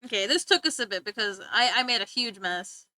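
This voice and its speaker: A woman livestreamer chatting with her viewers, giggly and talkative. Her voice sits high and bright, leaping around in pitch as she reacts. The sound is dry and close, with no room around it. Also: expressive, a little fast, dry recording. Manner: chatty, giggly, talks back to chat. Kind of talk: casual livestream chat.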